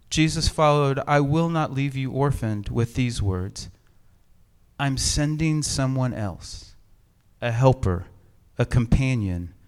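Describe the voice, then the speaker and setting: Speaking at a medium pitch, a middle-aged pastor preaches in a church sanctuary with no one in it. He leans on thoughtful, unhurried storytelling and mild humor.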